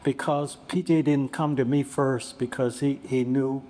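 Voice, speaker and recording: A man in his seventies, a bishop on a panel, telling a story in an unhurried, reflective way. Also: medium pitch, steady tone, dark tone. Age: 70s. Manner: unhurried, reflective, acts out quoted voices.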